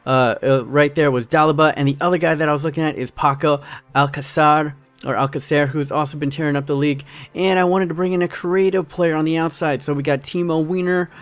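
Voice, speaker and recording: A man's voice: a little high, steady tone, brisk, clear, resonant tone, no echo, faint music behind. A young American man giving upbeat, jokey commentary on his football video game to his viewers. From United States. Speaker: gaming YouTuber. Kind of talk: casual gameplay commentary.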